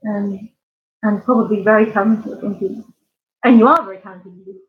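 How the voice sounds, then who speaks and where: This art channel host, a woman from near London, speaks with a southern English accent at a moderate, steady pace and a medium pitch. Rambling with lots of ums and giggles, she chats casually with her live stream viewers over narrow, tinny audio.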